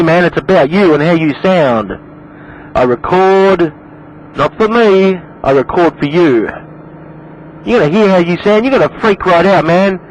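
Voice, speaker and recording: A man's voice: high-pitched, lo-fi sound. An Australian man chatting over CB radio, repeating himself and calling the other operator man. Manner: repetitive, calls everyone man. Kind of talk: casual CB radio chat. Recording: noisy radio skip.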